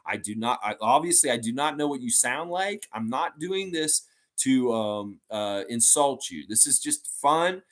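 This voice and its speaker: A man hosting a livestream for a fan channel, chatting casually as he reads out viewer comments. His voice sits at a middle pitch but moves up and down with a lot of life, and he rambles, padding his talk with fillers. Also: a little slow. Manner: rambling and animated, with many fillers like "and stuff like that".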